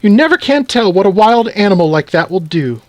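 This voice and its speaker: A man voicing a jumpy adult woman who is terrified of mice, in a shrieking high falsetto. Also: huge pitch swings, normal speed, pushed and bright, slightly rough, no room sound, exaggerated voice. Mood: indignant.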